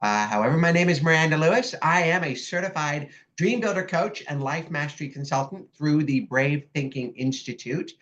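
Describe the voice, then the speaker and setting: Upbeat woman life coach, lively pitch, presenting a workshop over dull video-call audio. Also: normal speed, few pauses. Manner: upbeat, animated and folksy.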